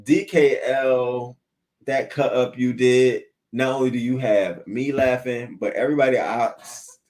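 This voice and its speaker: A man hosting a casual morning news livestream from a swivel chair at home, animated and swearing, talking back to viewer comments. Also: mid-range voice, unhurried. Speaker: host of a morning news show.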